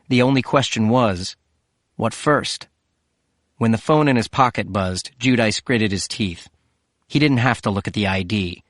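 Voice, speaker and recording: Man, audiobook narration, steady, mid-pitched, dry close sound. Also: no echo. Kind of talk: scripted narration.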